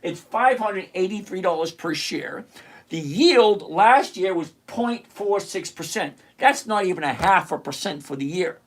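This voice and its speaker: A middle-aged livestream host in casual commentary who teases a viewer sarcastically, repeats points slowly and mutters while hunting around the screen. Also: medium pitch, lively intonation. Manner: teasing, sarcastic, talks straight to a viewer.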